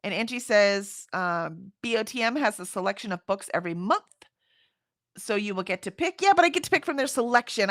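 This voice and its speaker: Chatty woman, lively voice. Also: on the high side, no echo, studio quality. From Houston, Texas. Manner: chatty, rambling, laughs often. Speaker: livestream host. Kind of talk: casual chat reading comments.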